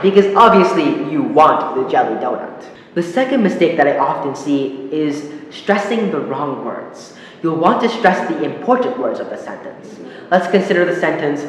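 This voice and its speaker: A man with a fairly high voice gives a public speaking lesson, explaining calmly and acting out example sentences. He sounds far back in a big, very echoey hall with a long reverb tail. A faint noise sits under him. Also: moderate pace. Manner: explanatory, demonstrates intonation with examples. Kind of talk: instructional talk to camera.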